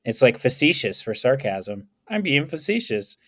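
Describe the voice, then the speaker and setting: A man's voice: medium pitch, very animated, moderate pace, a bit bright. A man co-hosting a podcast in casual chat, jokey and wordy with a mock-pompous streak. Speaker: podcast co-host.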